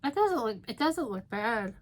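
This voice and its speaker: A beauty vlogger in her fifties chats casually through a makeup tutorial, thinking aloud and joking at her own expense as she applies it. Her voice is a little high and very animated, at a moderate pace.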